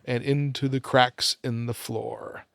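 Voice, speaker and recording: A man's voice: mid-range voice, little pitch movement, takes it slowly, a bit bright, clear, resonant tone, dry recording. A man hosting a casual film podcast, narrating the plot step by step with dry asides.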